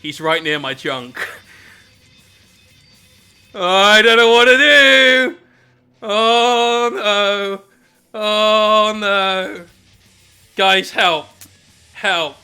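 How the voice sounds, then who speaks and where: A man putting on the voice of a panicking young friend, with shrill, frantic yelps. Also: steady tone, a little slow, sharp tone, faint music behind. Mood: panicked.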